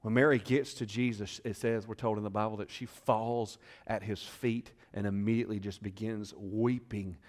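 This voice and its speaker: A male pastor preaching a sermon, retelling a scripture story dramatically and questioning the congregation, moving between loud bursts and hushed moments. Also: fairly low pitch, fairly even intonation, normal speed, few pauses. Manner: conversational, asks the crowd questions.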